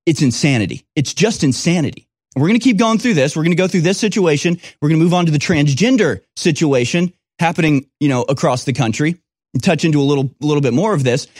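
Man, commentary host, slightly high voice, mocking rant, dry close sound. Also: animated, fast, darkish tone, dry recording. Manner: scornful, mocking, sarcastic. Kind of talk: reading news and ranting commentary.

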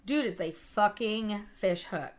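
A young woman co-hosting a casual chat podcast, telling a story in an animated, profane way. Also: medium pitch, a little slow. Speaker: podcast co-host.

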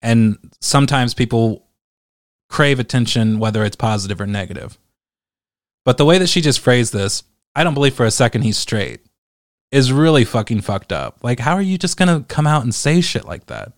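A man's voice: mid-range voice, lively intonation, normal speed, dry recording, studio quality. A man reading online comments aloud and reacting with profane, exasperated, sarcastic commentary. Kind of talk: casual ranting commentary.

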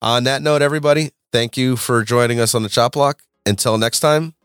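A man hosting a casual podcast, laid-back and jokey, with a smooth radio-style delivery through a studio mic. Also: mid-range voice, a little fast, a bit bright, no echo. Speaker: podcast host. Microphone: studio mic with voice filters.

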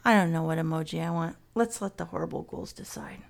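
A woman's voice: low-pitched, fast, gravelly. Forties woman, podcast co-host, loose rambling delivery with casual cursing. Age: 40s. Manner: rambling, swears casually, self-mocking.

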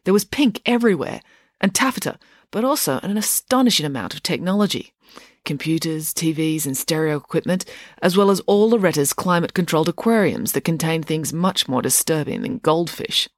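Lively, expressive audiobook narrator. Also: medium pitch, brisk, dry recording, clean studio sound.

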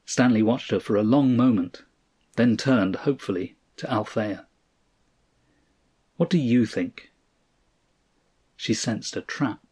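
A man narrating a story in a measured, dramatic reading style. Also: lowish voice, darkish tone, slightly rough.

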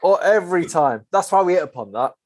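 Podcast host guy, slightly high voice, chill and chatty, thanking his guest. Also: lively intonation, a little fast. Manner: friendly, brief, wrapping up the chat. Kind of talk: casual podcast conversation.

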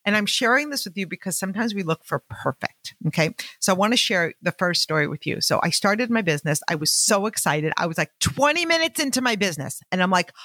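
Woman telling business stories to her followers, super animated, does the voices, dry close mic. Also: medium pitch, fast, few pauses, no room sound. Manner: animated, acts out quoted dialogue, addresses listeners as "you guys". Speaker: network marketing business owner. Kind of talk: motivational storytelling talk.

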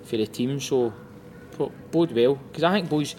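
A man's voice: mid-range voice, moderate pace, darkish tone, a little hiss or hum. A Scottish man co-hosting a casual chat, laughing and swearing as he tells stories. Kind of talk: casual banter.

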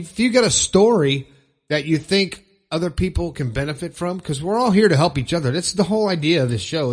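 A man hosting his podcast, chatting casually and upbeat, rambling a little and chuckling at his own jokes. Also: fairly high pitch. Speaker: podcast host. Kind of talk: casual podcast chat with ad reads.

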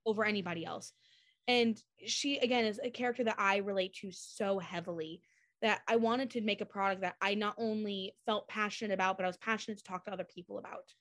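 A young adult woman, a chocolatier being interviewed, tells stories in a casual, animated way, acting out quoted voices and using lots of fillers. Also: medium pitch, brisk. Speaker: guest chocolatier.

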